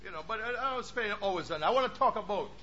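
A man preaching a sermon with fervour, dropping into low asides and rising to shouted peaks. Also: lively intonation, fast. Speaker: pastor. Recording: dull lo-fi recording with faint noise.

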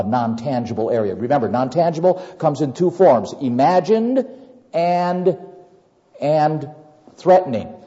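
Male pastor, sermon delivery, mellow tone, very lively pitch, dull lo-fi hall recording with long reverb. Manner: animated, acts out worried scenarios with repetitions.

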